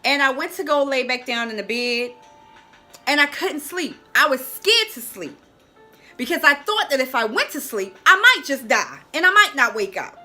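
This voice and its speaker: A middle-aged woman coaching on health tells a personal story with a high, sparkling voice that swoops up and down. She talks straight to her listeners and calls them "y'all". Soft music plays faintly underneath. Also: very animated, moderate pace.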